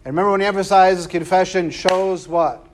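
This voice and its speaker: A man's voice: high-pitched, steady tone, a little fast, a little hiss or hum. A man preaching a casual Bible class, conversational and full of "right?" and slangy asides. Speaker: preacher teaching a scripture class.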